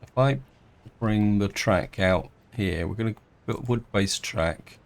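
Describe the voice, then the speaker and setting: A man's voice: lowish voice, a little slow, creaky. A middle-aged man casually commenting on his gameplay, thinking aloud with hesitant restarts and fillers. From England. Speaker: game let's-player.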